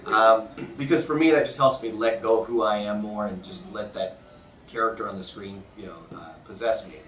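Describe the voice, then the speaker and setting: A man, a voice actor, telling stories casually in a convention press interview, animated and often laughing. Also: fairly low pitch, a little fast, a little hiss or hum. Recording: roomy echo, mic at a distance.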